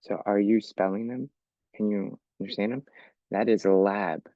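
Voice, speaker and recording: A man's voice: on the low side, steady tone, a little slow, no echo, muffled recording. A man teaching an English lesson for learners, explaining patiently step by step and often checking with "okay?". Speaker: ESL teacher.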